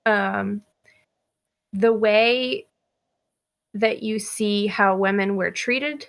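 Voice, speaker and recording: A woman's voice: medium pitch, extremely slow. A young woman co-hosting a podcast, chatting candidly and laughing easily as she talks about a story she picked. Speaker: podcast co-host. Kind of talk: casual chat.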